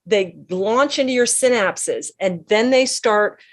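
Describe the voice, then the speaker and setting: A woman's voice: mid-range voice, takes it slowly. A woman guest in a podcast interview, speaking emphatically and punchily, full of sayings. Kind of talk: conversational interview.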